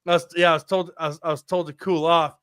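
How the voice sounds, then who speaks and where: A man in his thirties, co-hosting a podcast, tells a story in casual chat at a quick pace, acting out quotes animatedly on a close mic. His voice is on the high side, clear and resonant, with no room sound.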